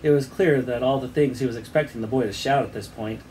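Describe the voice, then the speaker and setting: Teaching his class, this man reads a children's book with feeling, acts out its sound effects, and finishes by setting an assignment. His voice is medium-pitched and a bit mellow, he talks quickly, and there's a little noise in the background.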